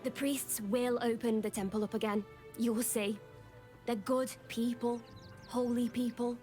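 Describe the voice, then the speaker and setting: An actress playing a hopeful, devout young tiefling woman in a video game, speaking softly and earnestly. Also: on the high side, steady tone, unhurried, faint music behind, natural voice.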